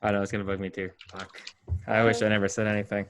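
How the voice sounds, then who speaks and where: A man's voice: fairly low pitch, level tone, quick pace, fairly bright tone, a little hiss or hum. A man hosting a casual reading club chat, joking and swearing, often restarting his sentences. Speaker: book club host.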